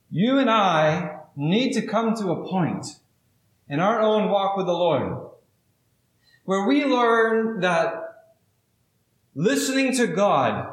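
A pastor preaches a sermon, first reading scripture and then telling a story slowly and deliberately with dramatic pauses. His voice is high, the room sounds spacious, and the audio quality is poor.

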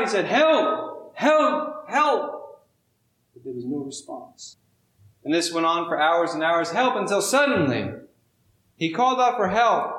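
Man, pastor preaching a sermon, slightly high voice, slow drawn-out phrasing, dramatic pauses, roomy echo. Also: fairly bright tone. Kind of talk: sermon with scripture reading and storytelling.

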